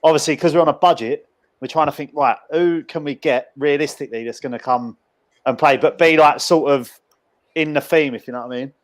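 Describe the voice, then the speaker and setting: A man hosting a podcast chat, his voice sitting a little high. He rambles through anecdotes with plenty of ums and restarts. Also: a little fast. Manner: rambling storyteller, many fillers and restarts. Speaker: podcast host. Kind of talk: casual chat.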